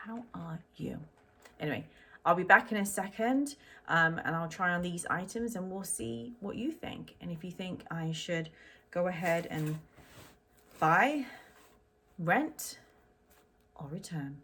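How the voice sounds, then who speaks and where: A woman's voice: on the low side, expressive, measured pace, pauses often, bright, forceful tone. A middle-aged woman vlogging a clothing unboxing in a chatty, rambling way with lots of ums. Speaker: fashion vlogger. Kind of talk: casual unboxing chat to camera.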